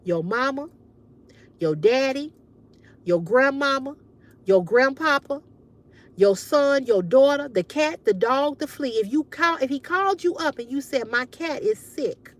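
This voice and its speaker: A woman's voice: high voice, animated, a little slow. A woman hosting a livestream, giving emphatic, frank advice to her viewers in casual chat and swearing freely. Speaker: livestream host.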